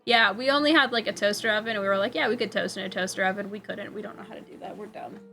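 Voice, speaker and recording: A young woman streamer crochets while chatting casually, spinning a rambling story in a medium-pitched, gravelly voice at a rapid-fire pace. She swears freely and gets animated whenever she quotes people, with soft music playing in the background.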